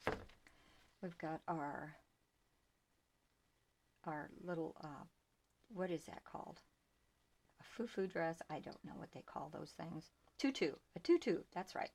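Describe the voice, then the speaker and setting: An older woman talks slowly and homely about the ribbons she sells, in a lowish voice. She often trails off into a near whisper as she handles things. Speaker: small shop owner showing ribbons. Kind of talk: casual product show-and-tell.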